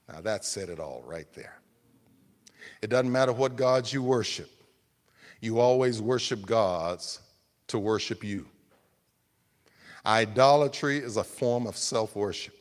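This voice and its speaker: A man preaching a sermon, emphatic and rhetorical, swinging between loud appeals and hushed explanation. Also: fairly low pitch, a little slow, pauses often, long reverb tail.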